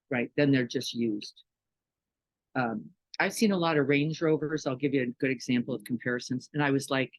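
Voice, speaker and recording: A woman's voice: extremely low pitch, normal speed, no room sound, low-quality recording. A woman giving a conversational dharma talk as a meditation teacher, often checking in with listeners with questions and "right?". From Chicago, United States.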